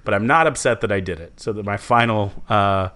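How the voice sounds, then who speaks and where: Low-voiced rambling podcast co-host man. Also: a little fast. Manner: rambling, self-correcting and animated. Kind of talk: casual chat.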